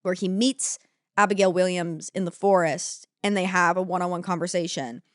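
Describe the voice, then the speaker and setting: A woman's voice: lowish voice, no room sound, clean studio sound. A young woman co-hosting a comedy podcast, recapping a story in casual, swearing chat and acting out lines. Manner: swearing, animated, acts out characters in quick voices. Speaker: podcast co-host.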